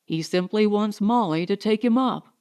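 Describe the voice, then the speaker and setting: A woman's voice: medium pitch, normal speed, darkish tone, lightly acted. A woman reading aloud, voicing a worried young father who speaks firmly and steadily. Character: anxious young father, firm and hushed.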